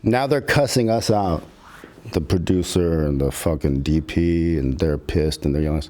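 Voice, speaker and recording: Middle-aged guy telling wild set stories, low voice, swears a lot, acts out the quotes. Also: moderate pace. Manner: animated and profane, acts out quotes. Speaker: podcast guest, filmmaker. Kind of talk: casual storytelling.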